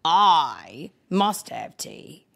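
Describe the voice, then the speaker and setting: A woman's voice: low-pitched, big pitch swings, extremely slow, creaky, fairly bright tone, heavily acted. A woman voicing a fussy, put-upon male wombat in a picture-book read-aloud, huffing and singing his lines. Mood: huffy. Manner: huffy, sing-song.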